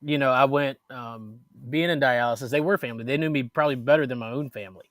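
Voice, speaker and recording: A man chats on a podcast, reflective and unhurried, restarting his sentences as he finds the words. His voice sits close and dry on the mic. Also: medium pitch, fairly bright tone, no echo. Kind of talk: casual podcast talk.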